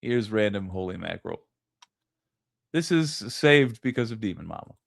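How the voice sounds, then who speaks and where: A man casually commenting on videos during a live stream, amused and thinking aloud with pauses. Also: lowish voice, big pitch swings, gravelly.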